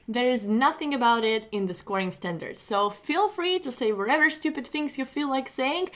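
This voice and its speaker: A woman teaching a recorded test-prep lesson, reassuring her students with calm, repetitive instructions. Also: a little high.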